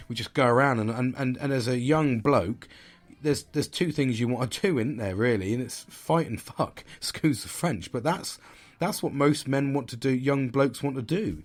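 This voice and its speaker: A man's voice: medium pitch, moderate pace. A man in his forties hosting a casual solo podcast, blunt and reflective, swearing a lot and rambling as he thinks aloud. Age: 40s. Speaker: podcast host. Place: sitting at home.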